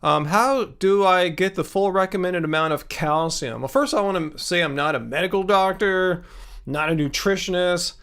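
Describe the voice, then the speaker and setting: A man's voice: high-pitched, normal speed, a bit bright, clean tone. A man in his thirties hosting a casual livestream, rambling and joking with many fillers and restarts. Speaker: livestream host answering viewer questions.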